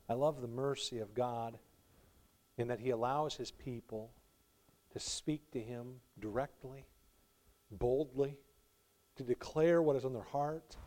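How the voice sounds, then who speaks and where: A male pastor with a medium-pitched voice preaches a sermon, swinging from quiet reflection to loud, pleading emphasis, with warm laughs between his points.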